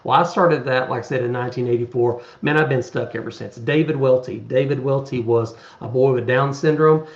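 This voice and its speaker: A man's voice: medium pitch, steady tone, fairly quick, hardly any pauses. Fifty-something guy rambling earnestly on a podcast, echoey muffled audio. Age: 50s. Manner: earnest, rambling with many restarts. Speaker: podcast guest, charity event organizer. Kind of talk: casual chat.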